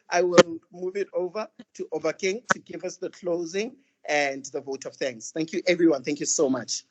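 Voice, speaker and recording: A young man hosts an online student session over a video call. His voice sits a bit high, and he jokes around loosely with plenty of fillers. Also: moderate pace, a little mellow, husky, highs cut off. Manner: playful, joking, with many fillers. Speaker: host of an online student training. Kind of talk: casual event hosting.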